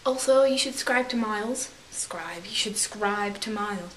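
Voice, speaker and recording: At a moderate pace, a young woman with a mid-range, fairly bright voice tells a rambling story in an affected English accent. She performs quoted lines in goofy voices, and the recording carries room echo and light hiss.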